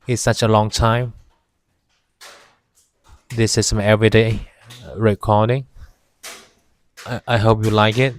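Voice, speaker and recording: A man from China, whose first language is Chinese, talking casually to the camera by a campfire outdoors in halting English, often pausing to search for words. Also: fairly low pitch, flat delivery. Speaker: vlogger.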